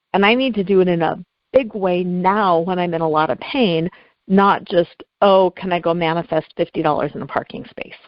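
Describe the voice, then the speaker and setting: A middle-aged woman tells a painful story from her own life, earnest and heartfelt, often close to tears. Her voice sits at an everyday pitch. The sound is dry and a little dull, like a remote interview call. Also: no echo. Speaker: guest. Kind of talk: emotional personal storytelling.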